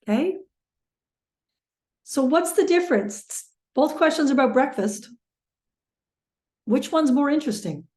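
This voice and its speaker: Woman mediation trainer, lively and example-driven, slightly high voice, roomy sound. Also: a little slow, long pauses. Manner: lively, illustrates with everyday examples. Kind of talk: webinar teaching talk.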